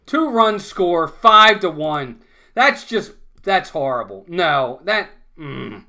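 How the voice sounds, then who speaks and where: A man with a high, bright voice calling a baseball game play-by-play. He talks conversationally between pitches, breaks down strategy plainly, and gets loud and blunt when a play goes wrong. His tone stays lively and sharp throughout. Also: takes it slowly. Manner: conversational, excitable on big plays, blunt criticism. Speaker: fan play-by-play commentator. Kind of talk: live baseball play-by-play commentary.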